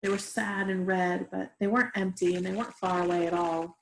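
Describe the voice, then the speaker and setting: A woman reading a novel aloud in a steady, gentle way, in an echoey room. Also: on the low side, a little fast, slight background noise. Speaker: reader. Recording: roomy echoey room recording.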